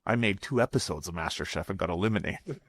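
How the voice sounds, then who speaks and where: A man, a guest chef telling lively stories in a casual podcast chat, swearing freely. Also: sits low, no room sound. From Vancouver, Canada. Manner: animated, fast storyteller who swears freely.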